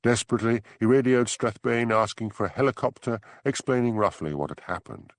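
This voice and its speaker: A man reading an audiobook narration in a measured, expressive storytelling manner. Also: medium pitch, no room sound. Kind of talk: scripted narration.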